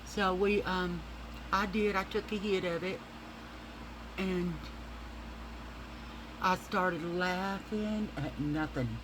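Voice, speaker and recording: A woman's voice: on the low side, slow pace, pauses often, background noise. A middle-aged woman vlogger telling a rambling, profane story in a casual way while she applies makeup.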